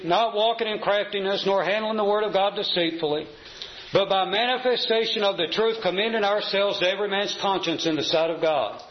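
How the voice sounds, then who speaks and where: A man preaching a sermon to a congregation, reading scripture and slowing down to stress key words. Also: high-pitched, a little hiss or hum. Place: church assembly hall. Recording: echoey, slightly dull church recording.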